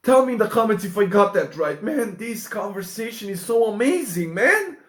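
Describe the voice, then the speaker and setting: A young man recording a casual reaction commentary, excitable and exclaiming, often saying "man". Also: sits high, normal speed, roomy sound. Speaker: YouTube reactor.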